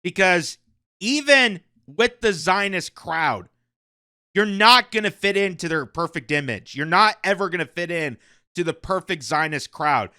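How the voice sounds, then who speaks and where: Animated, mocking high-voiced male commentator. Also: measured pace, clean tone, no echo, studio quality. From Canada. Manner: animated, mocking, laughs between points. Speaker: commentary channel host. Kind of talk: opinion commentary on news.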